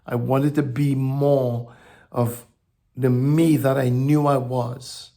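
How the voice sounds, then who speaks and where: A preacher with a medium-pitched, level tone stumbles and repeats words through his sermon. He alternates between soft, reflective moments and emphatic declarations.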